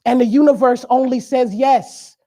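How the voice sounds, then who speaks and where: A man's voice: extremely high pitch, steady tone, normal speed, warm tone. A young man giving a sermon as a guest speaker, conversational and joking, with emphatic preaching.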